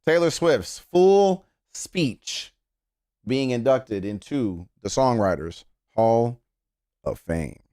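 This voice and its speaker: A man's voice: medium pitch, expressive, slow pace, dark tone, smooth, no room sound, studio quality. A man chatting casually and playfully on a live stream while reacting to a video, often laughing.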